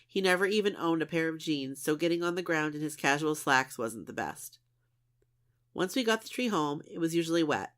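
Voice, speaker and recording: A woman's voice: low voice, expressive, brisk. A woman co-hosting a casual podcast, chatting with her friend and reading listener stories aloud. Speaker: podcast co-host.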